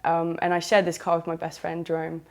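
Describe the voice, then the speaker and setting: A southern English woman recounts her own story in a frank, rambling, chatty manner, dropping in British slang as she goes. Her voice sits a little low for a woman. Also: completely flat delivery, fairly quick, creaky. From southern England. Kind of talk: candid first-person storytelling.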